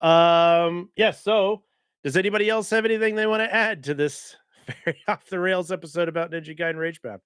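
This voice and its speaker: A man's voice: sits high, brisk, fairly bright tone, clear, resonant tone, dry recording, clean studio sound. A man hosting a casual gaming podcast, upbeat and loose, laughing often as he talks. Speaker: podcast host.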